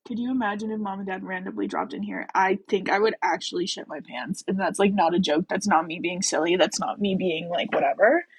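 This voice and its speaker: A woman's voice: medium pitch, breathy edge, low-quality recording. A woman hosting a casual book-chat livestream, rambling and giggly, filling her talk with "like" and "um.". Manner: chatty, rambling, lots of "like" and "um"; giggly, self-deprecating.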